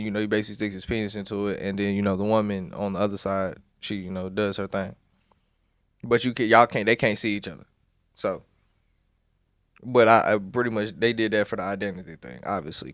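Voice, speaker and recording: Podcast guy reading court transcript out loud, swearing in his side comments, smooth clean voice, dry room. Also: on the low side, no room sound. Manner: reads both sides of an exchange aloud, then breaks into blunt profane asides. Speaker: podcast host.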